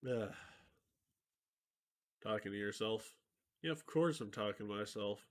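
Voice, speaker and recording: A man's voice: on the low side, unhurried. A man streaming solo, chatting playfully and mocking himself, slipping into mock-announcer asides, with a mixed accent that is hard to place.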